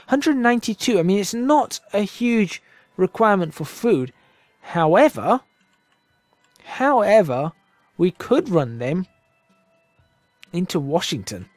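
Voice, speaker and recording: A man's voice: sits high, very animated, slow pace, dry recording, soft background music. A man casually commentating on a strategy game, thinking aloud and correcting himself as he goes, his voice drifting in and out from the microphone. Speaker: gaming channel host. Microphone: desk microphone, voice drifting in and out.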